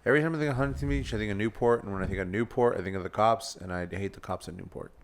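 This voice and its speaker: A man's voice: on the low side, rapid-fire, no echo. A man on a podcast who has been drinking, talking bluntly and crudely and arguing his point. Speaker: podcast co-host. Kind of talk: casual drinking chat.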